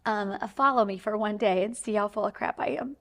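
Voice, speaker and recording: A woman's voice: mid-range voice, a little fast, a bit bright. Heartfelt, rambling woman guest. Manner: rambling and heartfelt, many fillers. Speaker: talk show guest. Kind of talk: candid interview talk.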